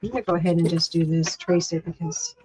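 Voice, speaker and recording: A woman's voice: fairly low pitch, quick pace, a little mellow, breathy edge, low-quality recording. A woman hosting a casual craft livestream, chatting and rambling as she works, often breaking off mid-sentence. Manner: chatty, rambling, self-interrupting.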